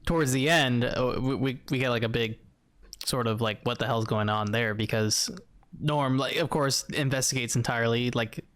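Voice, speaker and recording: A man co-hosting a gaming podcast in casual chat, talking in halting starts and restarts. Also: medium pitch, a bit bright. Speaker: podcast co-host.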